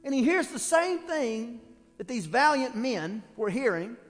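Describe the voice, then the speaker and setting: A male pastor with a very high voice preaches in a church, acting out the voices in the stories he tells. His voice carries a long reverb tail from the hall. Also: a little slow, faint music behind. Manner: animated storytelling with acted quotes. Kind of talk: sermon.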